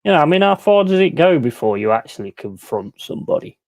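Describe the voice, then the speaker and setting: A man's voice: a little high, big pitch swings, fast, darkish tone, no room sound. A middle-aged man hosting a live stream, ranting bluntly and swearing freely in casual chat. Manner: mimics other people in quoted voices. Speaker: livestream host.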